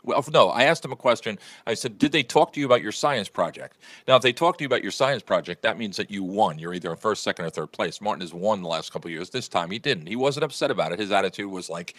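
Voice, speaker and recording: Fast-talking man hosting morning radio. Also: lowish voice, animated, fairly bright tone, no room sound. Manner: fast, rambling storytelling with restarts. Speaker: radio show host. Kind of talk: casual morning show chat.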